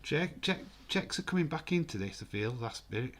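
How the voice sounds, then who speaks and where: A man giving casual, excitable live football commentary and reading out viewer comments. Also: on the high side, moderate pace. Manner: chatty, excitable, reads viewer comments aloud. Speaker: host of a live football watch-along.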